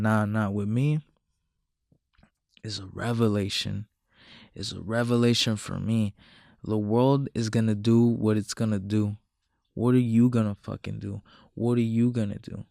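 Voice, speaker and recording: Man, low monotone voice, slangy, profane, repetitive, dry close sound. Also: unhurried, creaky, no echo. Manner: slangy, profane and repetitive, restating lines and mocking others in quotes. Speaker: self-improvement commentator. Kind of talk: casual monologue to camera.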